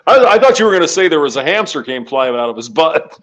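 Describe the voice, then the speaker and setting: Man, rowdy banter co-host, bouncy high voice, laughs a lot. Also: quick pace, background noise. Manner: laughs a lot, teasing, lively. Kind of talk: casual crude banter.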